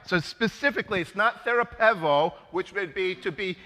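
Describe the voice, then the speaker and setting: A man's voice: high voice, normal speed, sharp tone. A male priest preaching a sermon in a conversational way, often checking in with "right?". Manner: conversational, keeps adding "right?". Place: church sanctuary. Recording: long church reverb.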